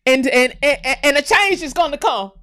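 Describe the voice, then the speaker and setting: Animated Southern woman ranting on a livestream. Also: high-pitched, normal speed. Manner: loud, profane and laughing. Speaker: livestream host. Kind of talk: casual livestream rant.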